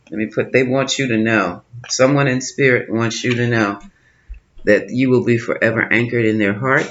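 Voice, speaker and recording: A man doing a tarot card reading, musing and thinking aloud with pauses, recorded at home. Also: medium pitch, fairly bright tone. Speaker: tarot reader. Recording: slightly dull lo-fi sound with faint noise.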